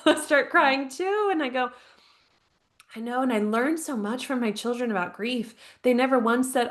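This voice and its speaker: Animated and fairly bright, a woman with a fairly high voice speaks at a moderate pace. She's a grief counselor in her thirties from the United States, at home abroad, reflecting earnestly on her personal story for a podcast, with many "like"s and light laughs.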